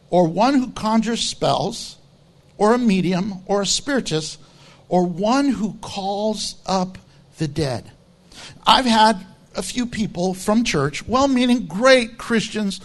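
A man preaching as pastor, blunt and emphatic, with low, quiet asides in a conversational sermon.

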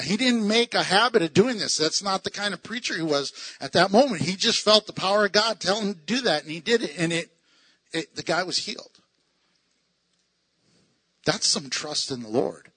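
A man teaching a Bible passage in a lively, excitable way, laughing often and acting out the voices he quotes. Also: high voice, normal speed, long pauses, husky, no echo. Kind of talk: animated Bible study teaching.

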